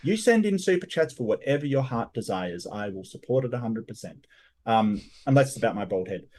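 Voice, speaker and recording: A man rebutting his opponent in a debate, animated and quick to joke. His voice sits at a middle pitch, and he talks with lively energy. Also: slight background noise. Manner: animated, joking.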